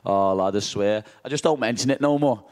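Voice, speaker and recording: A man's voice: lowish voice, a little fast, darkish tone. A man with a Liverpool accent answering press conference questions after a fight, brash and cheeky and swearing freely.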